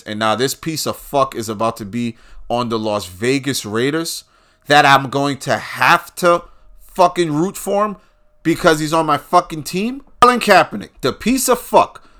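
A man delivering a profane political rant, swinging between low muttering and loud outbursts.

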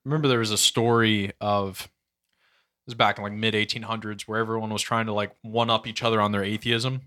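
A man's voice: lowish voice, level tone, fairly quick, bright, forceful tone. A man telling a story in a casual chat, rambling with lots of fillers. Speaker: guest.

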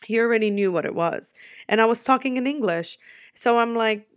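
A young woman from the United States telling a personal story to her viewers in a casual vlog, animated and quick, swearing freely. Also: on the high side, smooth, dry recording, studio quality. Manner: animated, swearing, talks fast in bursts. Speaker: vlogger.

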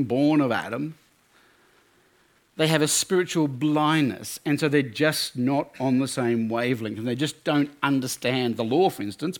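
A man giving a sermon talk at a student camp, telling stories in an animated way with many restarts. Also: mid-range voice. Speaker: camp speaker.

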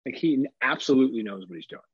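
A man co-hosting a podcast about fatherhood, talking candidly in casual chat, swearing freely and slipping into animated impressions. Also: medium pitch, fast talker, husky, no echo, muffled recording. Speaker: podcast co-host.

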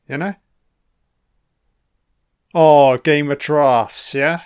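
A man's voice: mid-range voice, unhurried, a bit bright, clear, resonant tone, dry recording, clean studio sound. A man giving a casual, rambling film commentary, swearing freely and chuckling between asides.

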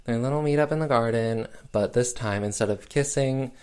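A man's voice: mid-range voice, normal speed, darkish tone, clear, resonant tone. A man casually recapping a film plot with sarcastic asides, full of "um" and "like" fillers. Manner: sarcastic, filler-heavy with lots of "um" and "like".

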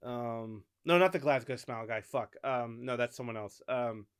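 Smooth-voiced Southern man. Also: mid-range voice. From North Carolina. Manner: loose, profane, halting with restarts. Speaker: podcast co-host. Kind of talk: casual chat.

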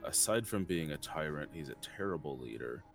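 An extremely deep-voiced man speaks grimly and deliberately as his character in a tabletop game. Guitar music plays clearly behind him. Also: lively intonation. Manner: grim, resolute, deliberate. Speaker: player. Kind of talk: in-character role-play.

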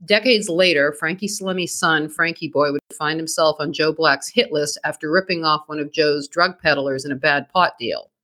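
A podcast co-host with a Boston accent narrating true crime history, brisk, with blunt, profane asides. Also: medium pitch, bright, forceful tone.

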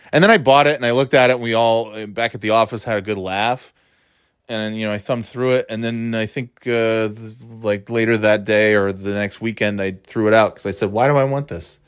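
A man's voice: lowish voice, dry recording, studio quality. A man from the US East Coast talking casually to camera, rambling and sardonic, with many restarts and fillers. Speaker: vlogger.

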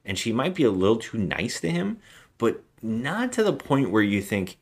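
A man's voice: fairly low pitch, sing-song, normal speed, creaky. A man co-hosting a casual movie review chat, retelling the plot at length and acting out the characters' lines. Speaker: podcast co-host.

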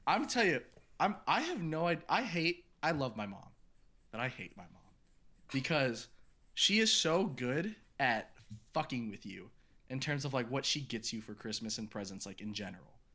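Young guy in his twenties, bright and forward tone, easygoing, swears freely, rambles through anecdotes. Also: mid-range voice, very animated, moderate pace, husky. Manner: loose, profane storytelling with lots of fillers. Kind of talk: casual chat.

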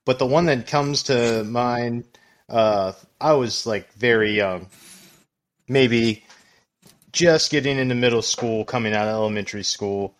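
A man's voice: mid-range voice, a little slow. A man co-hosting a podcast, telling a crude childhood story casually and laughing often as he goes. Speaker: podcast co-host. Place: small studio room.

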